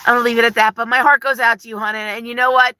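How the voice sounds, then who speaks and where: Middle-aged woman, live-chat host, bright tense voice, close dry phone sound, heartfelt and rambling. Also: a little high, little pitch movement, rapid-fire, no room sound. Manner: gentle, heartfelt, rambling with fillers. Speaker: vlogger on a livestream. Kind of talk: casual live chat, reading comments. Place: parked car. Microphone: phone held in hand.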